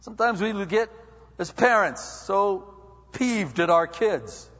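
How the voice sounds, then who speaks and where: A man's voice: sits high, lively intonation, takes it slowly, fairly bright tone. Man preaching a sermon in an echoing hall. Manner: preaching with rising intensity and rhetorical questions. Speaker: pastor. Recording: dull sound with long hall reverb.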